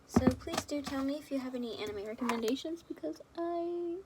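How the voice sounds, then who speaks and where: A woman's voice: high-pitched, lively intonation, fairly quick, very noisy. A young woman rambling and giggling affectionately as she chats casually to her viewers at home. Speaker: fan video creator.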